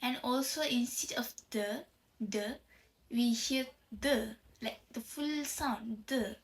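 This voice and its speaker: A woman's voice: fairly high pitch, slow pace, slight background noise, rough recording. A young woman gives a class presentation, explaining step by step and sometimes searching for words. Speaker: university student presenter.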